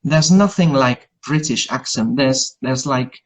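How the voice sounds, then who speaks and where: A man's voice: mid-range voice, measured pace. Man, native Hungarian, English teacher, casual chat, chatty, restarts a lot. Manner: chatty, self-deprecating, many restarts.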